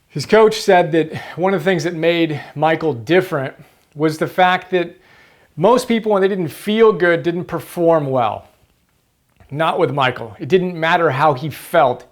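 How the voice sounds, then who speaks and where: A man's voice: a little high, takes it slowly. A man hosting a motivational book-summary video, earnest and emphatic, repeating key phrases for stress.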